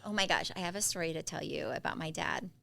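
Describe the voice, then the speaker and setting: A woman's voice: low-pitched, quick pace, gravelly. A woman co-hosting a podcast in casual chat, telling family stories and acting out what people said. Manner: animated storyteller who acts out quoted family members. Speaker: podcast co-host.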